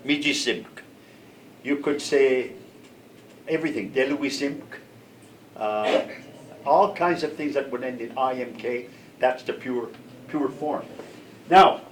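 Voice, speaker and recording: An older man leads a language class for students, his pitch medium and his manner patient as he checks in with them. The sound comes from a distant mic with faint room noise.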